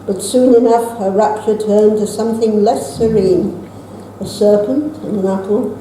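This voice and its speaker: A woman's voice: medium pitch, measured pace, slight background noise. Woman reciting rhyming verse in an echoey room. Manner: steady rhyming recitation with wry, laughing asides. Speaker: poet at an open mic. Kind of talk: poetry reading. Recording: echoey room with faint ambience.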